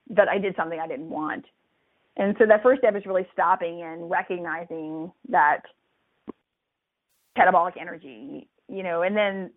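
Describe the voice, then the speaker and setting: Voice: mid-range voice, no room sound. A physician who trains residents talks casually and reflectively, with many fillers and restarts. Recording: tinny dry phone line.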